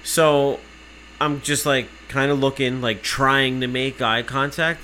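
Man, casual chat, sarcastic, profane, bright tone, faint background noise. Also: medium pitch, fairly even intonation, moderate pace. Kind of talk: casual chat, ranting anecdote.

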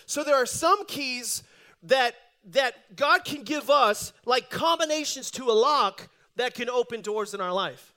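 High-voiced man preaching a sermon. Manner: animated storyteller with frequent repeated restarts. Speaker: pastor. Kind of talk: sermon with a humorous story.

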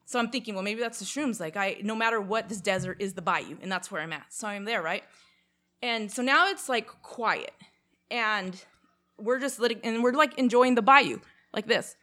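A young Canadian woman with a medium-pitched voice speaks at normal speed. She tells a long personal story in casual chat, animated and full of fillers, acting out quotes as she goes.

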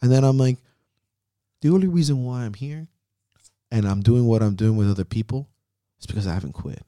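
A man's voice: on the low side, brisk, dark tone, clean tone, no echo, clean studio sound. A man hosting a podcast, giving a heavily profane, intense motivational pep talk in a casual chat. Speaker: podcast host.

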